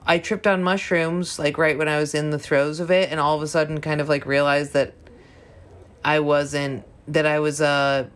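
A woman's voice: sits low, little pitch movement, moderate pace. A young woman chatting casually on a podcast, rambling with restarts and casual swearing. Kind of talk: casual chat.

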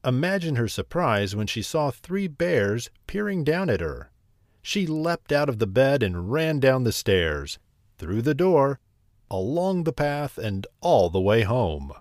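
A man narrating a bedtime story as the host, slow and lively. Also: mid-range voice, no room sound, clean studio sound.

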